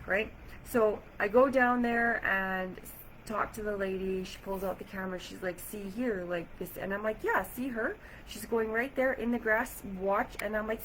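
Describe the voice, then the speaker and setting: A woman vlogging to camera, chatty and animated as she retells an irritating day, with lots of "like". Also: mid-range voice, slight background noise, low-quality recording. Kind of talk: casual storytelling to camera. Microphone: camera or phone mic.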